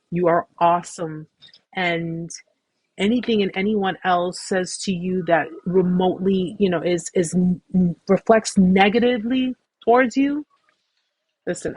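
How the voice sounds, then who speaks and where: Husky woman, effusive encouragement. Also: fairly low pitch, no room sound. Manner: warm, effusive, repetitive reassurance; talkative, rambling with restarts. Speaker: host of a support live stream. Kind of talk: casual live-stream sign-off talk.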